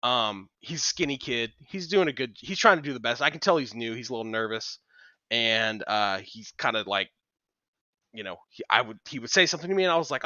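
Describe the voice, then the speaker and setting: A man's voice: mid-range voice, animated, a little fast, pushed and bright, no echo, highs cut off. A man co-hosting a podcast, telling stories in a casual chat with lots of fillers and restarts. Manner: rambling storyteller, many fillers and restarts. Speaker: podcast co-host.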